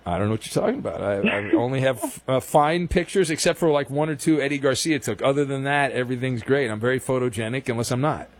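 A man from Southern California hosting a call-in sports radio show, teasing callers with dry, quick comebacks. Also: medium pitch, lively intonation. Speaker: radio talk show host.

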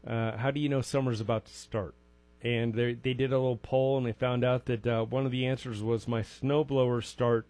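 A man's voice: mid-range voice, darkish tone. A man hosting a call-in swap show on local radio, chatting casually with folksy jokes and asides. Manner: rambling, folksy, jokey asides.

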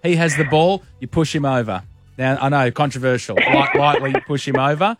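A man's voice: medium pitch, a little fast, over loud music. A man with an Australian accent co-hosting a radio show from a studio, playful and brash. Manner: playful, brash advice-giving. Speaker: radio co-host. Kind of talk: casual radio banter.

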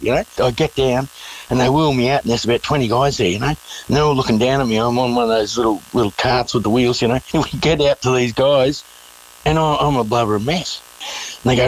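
A man in his forties with an Australian accent, telling stories in a relaxed way as an interview guest, mimicking the voices of others. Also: mid-range voice, quick pace, poor audio. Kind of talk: casual storytelling in an interview.

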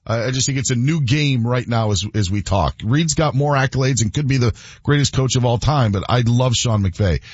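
A man's voice: medium pitch, normal speed, husky, dry recording, highs cut off. A man on a sports talk show, rambling and opinionated, with frequent restarts.

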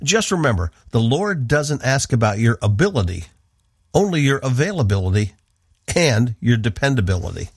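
A man's voice: medium pitch, big pitch swings, moderate pace, breathy edge, no room sound. Earnest man teaching scripture, dry studio. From northeastern United States. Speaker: radio Bible teacher and host. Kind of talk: devotional teaching.

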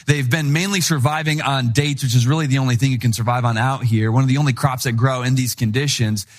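A young man from Wisconsin, a pastor, giving a sermon that opens with an animated personal story and acts out the voices of the people in it. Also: mid-range voice, fast talker.

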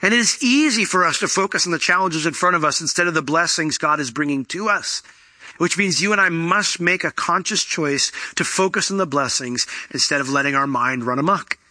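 A man delivers a sermon in a strikingly bright, forceful voice. He talks the congregation through the text, then jumps up high to act out what people say. The sound is close and dry. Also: a little fast, dry recording. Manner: animated, acts out quoted voices with big pitch jumps. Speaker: pastor.

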